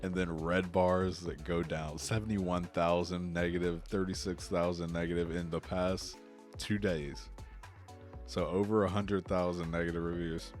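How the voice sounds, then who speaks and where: A man with a very low voice chats casually on a gaming show, rambling along and breaking into laughs. Faint music sits behind him. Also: measured pace. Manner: laughs often, relaxed and rambling. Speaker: co-host of a gaming news show. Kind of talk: casual chat.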